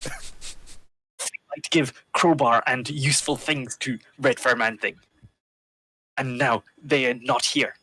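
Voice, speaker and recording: A man's voice: medium pitch, steady tone, a little slow, pauses often, pushed and bright, slightly rough, no echo, poor audio. A man voicing a small creature in broken speech. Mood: puzzled. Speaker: player.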